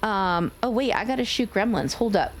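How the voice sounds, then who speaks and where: A woman streaming a game live, talking loudly and playfully to her chat, teasing and swearing. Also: fairly high pitch, very animated, quick pace, noisy background.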